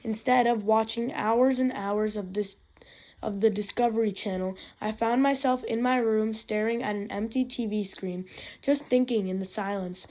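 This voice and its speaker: A woman's voice: on the high side, fairly even intonation, moderate pace, mellow. A woman reading a novel aloud in the first person, with occasional slips and restarts. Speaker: reader.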